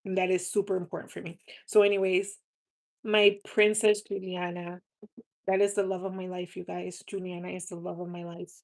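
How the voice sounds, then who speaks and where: A woman's voice: fairly low pitch, flat delivery, normal speed. A woman talking earnestly and from the heart on a casual live stream, often repeating words for emphasis. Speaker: live streamer selling cosmetics.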